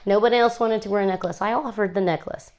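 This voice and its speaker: A woman's voice: mid-range voice, fast, a little mellow. A woman in her thirties, a guest chatting and telling stories about her kids. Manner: chatty storytelling, acts out her kids' lines. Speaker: guest, lawyer and mother. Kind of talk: casual interview chat.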